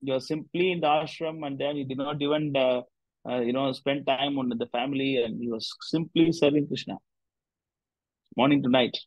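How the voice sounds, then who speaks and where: A man's voice: medium pitch, steady tone, moderate pace, dry recording, dull audio. A man, a spiritual teacher leading a discussion group, telling a devotional story in a loose, rambling way with many "you know" fillers.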